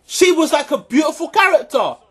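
A vlogger giving an angry, profanity-filled reaction rant to camera, often shouting and repeating points for emphasis. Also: high-pitched, very animated, fairly quick.

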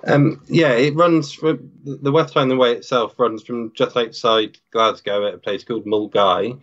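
A man, a hiking father, calmly explaining a family trek as a podcast guest. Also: medium pitch, unhurried, dull audio. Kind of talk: interview.

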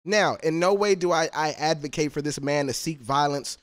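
A man's voice: on the high side, normal speed, fairly bright tone. A man reacting to a rap track, talking in a casual, profane, trash-talking way. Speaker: music reaction YouTuber.

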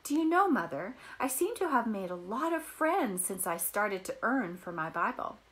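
A woman voicing an eager, kind young peasant girl who talks in a bright, excited way. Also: mid-range voice, normal speed. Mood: earnest. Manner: bright and excited, bubbling with thanks.

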